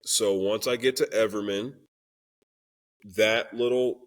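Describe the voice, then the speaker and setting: A man's voice: lowish voice, fairly even intonation, slow. Earnest young man with a drawl. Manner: earnest and emotional, acts out quoted dialogue. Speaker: podcast guest, Christian rapper. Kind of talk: candid conversational storytelling.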